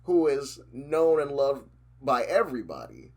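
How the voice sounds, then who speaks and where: A man co-hosting a casual podcast at a middle pitch, talking with a lively, swinging intonation. He rambles, piles on fillers and restarts his thoughts as he chats. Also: measured pace. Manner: animated, rambling, many fillers. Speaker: podcast co-host.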